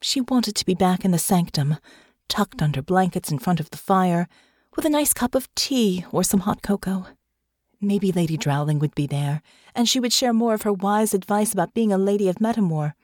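A woman narrating an audiobook in an expressive, measured storytelling manner. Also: medium pitch, no room sound, studio quality. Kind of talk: scripted narration.

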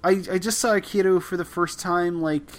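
In a casual interview chat, a Canadian film-podcast host talks with a guest at normal speed, his high voice fairly even in intonation. He rambles, makes self-deprecating remarks, and restarts often.

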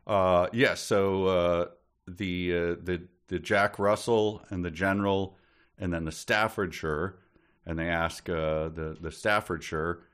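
A man co-hosting a casual book podcast, joking through quick asides. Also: sits low, flat delivery, a bit bright, clean tone. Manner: jokey, quick asides, breaks into silly voices. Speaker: podcast co-host.

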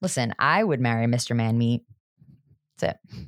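A woman's voice: rumbling low, lively intonation, normal speed, dry recording. Sarcastic woman with a dry close sound. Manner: jokey, sarcastic, swears casually. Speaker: podcast co-host. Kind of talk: casual chat recapping a TV show.

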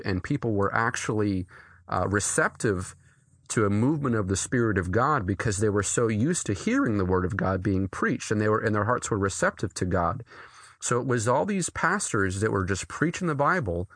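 A man from New England, an author and pastor, talking earnestly as an interview guest, with quick restarts and frequent laughs. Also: fairly low pitch, lively intonation, no echo, clean studio sound.

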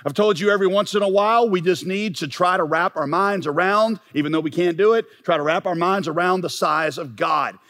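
A man preaching a sermon as pastor, emphatic and building to forceful peaks. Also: high voice, fairly quick, few pauses. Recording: long reverb of a large hall.

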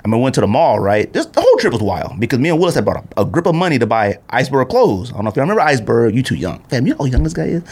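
A man's voice: racing, few pauses, breathy edge. A man in his thirties from Arizona, hosting a podcast and telling a casual story, acting out the people he quotes. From Arizona, USA. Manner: animated storyteller acting out quotes with big pitch jumps. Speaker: podcast host.

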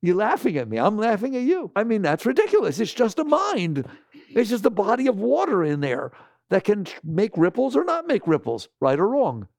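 Spiritual teacher, man, slightly high and very lively delivery, keeps questioning the audience. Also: moderate pace, gravelly, no echo, studio quality. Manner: animated, slips into mocking quoted voices. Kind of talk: lecture to a live audience.

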